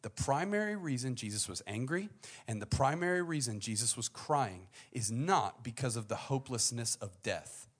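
A young adult man preaching a sermon in a conversational way, acting out the people in the story and swinging from quiet, low asides to loud, high-pitched bursts. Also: lively intonation, normal speed, slightly rough.

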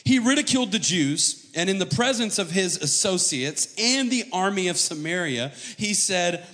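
An American man preaches from a church stage, reading scripture dramatically and cracking jokes between the verses. His voice sits a little high, and a long reverb from the hall trails after each phrase. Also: animated, moderate pace, hardly any pauses, pushed and bright. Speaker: pastor. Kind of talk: sermon.

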